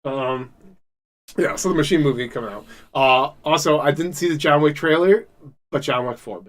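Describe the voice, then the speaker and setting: A man's voice: a little high, moderate pace. Rambling, profane male podcast host. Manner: rambling, heavily profane, enthusiastic. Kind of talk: casual chat.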